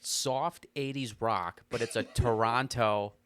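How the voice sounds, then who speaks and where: A man's voice: medium pitch, steady tone, slow pace, fairly bright tone, a little hiss or hum. A young American man co-hosting a podcast in easygoing casual chat, swearing now and then. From United States. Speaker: podcast co-host.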